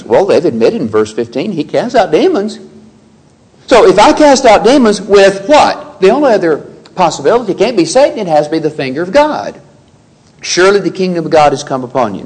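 Emphatic preacher man, slightly high voice. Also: a little mellow, low-quality recording. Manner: emphatic, rhetorical questions, reads scripture aloud. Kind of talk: expository sermon.

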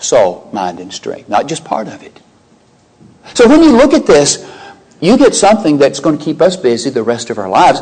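A man, older, preaching a sermon, animated, rising sharply in pitch when quoting and exclaiming. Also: breathy edge, rough recording.

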